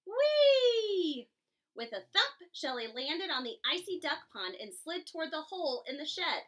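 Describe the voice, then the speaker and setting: A woman reading a children's picture book aloud, giving each animal its own expressive voice. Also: high-pitched, moderate pace. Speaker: storybook reader. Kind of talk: children's story read-aloud.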